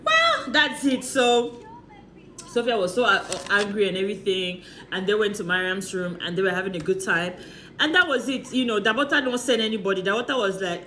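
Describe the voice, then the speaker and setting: A woman's voice: medium pitch, animated, a little fast, pushed and bright, a little hiss or hum. A woman chatting through a casual, gossipy recap of a reality show, laughing often and asking rhetorical questions.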